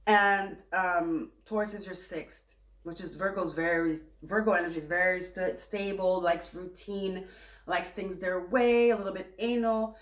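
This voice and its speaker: A woman giving a tarot reading in a chatty, animated, self-correcting way. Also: on the low side, a little slow, reverberant. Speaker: tarot reader.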